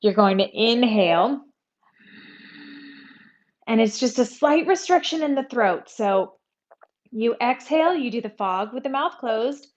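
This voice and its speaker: Calm woman guiding a yoga class. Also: fairly high pitch, a little slow, pauses often, dull audio. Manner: calm, conversational, with breathy demonstration sounds. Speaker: yoga instructor. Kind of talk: guided yoga class instruction.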